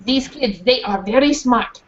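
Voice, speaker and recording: A small, round French bulldog talks in a fond French accent, sprinkling French words into his speech, as a woman reads him aloud. His nose is pushed in and his voice sits fairly high. The recording is muffled, with a faint hiss behind it. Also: expressive, unhurried.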